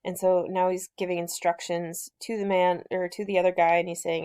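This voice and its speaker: A woman's voice: lowish voice, little pitch movement, brisk, hardly any pauses, darkish tone, clean tone. A woman hosting a book discussion, casually retelling a novel's plot in a conversational way, with loose fillers and restarts.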